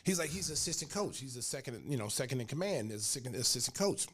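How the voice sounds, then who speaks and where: A man hosting a podcast, telling a story with animated energy and acting out other people's lines. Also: mid-range voice, fast talker, breathy edge. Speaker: podcast host.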